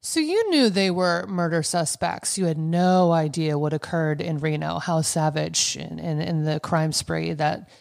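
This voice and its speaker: A woman's voice: low-pitched, a little slow, creaky, hardly any pauses, darkish tone, dry recording, studio quality. A woman hosting a podcast, asking long, rambling, multi-part questions in an interview.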